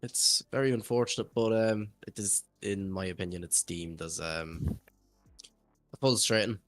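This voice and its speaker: Low-voiced male drift judge. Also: steady tone, a bit bright. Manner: measured, hesitant, with many fillers. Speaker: judge and co-commentator. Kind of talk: live esports commentary.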